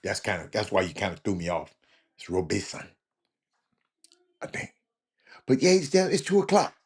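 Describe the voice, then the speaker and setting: A man hosting a casual talk show, rambling and stammering through comments with loud exclamations. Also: on the low side, sing-song, moderate pace, a little hiss or hum.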